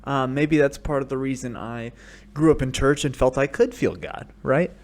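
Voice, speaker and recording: An American man hosting a podcast, telling rambling comedic stories full of swearing that break into shouted rants, speaking into a studio microphone. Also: medium pitch, normal speed. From United States. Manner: profane, rambling storytelling that bursts into shouted rants. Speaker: podcast host. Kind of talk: solo comedic monologue.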